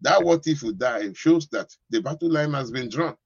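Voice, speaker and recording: A man's voice: medium pitch, animated, moderate pace, gravelly, husky, no room sound, muffled recording. A man preaching a sermon as pastor, giving commands to the congregation and breaking into speaking in tongues.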